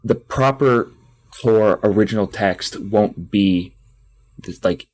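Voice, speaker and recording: A man's voice: fairly low pitch, takes it slowly, darkish tone. A man voicing an earnest, polite young male monk in a casual, chatty way while telling a joke.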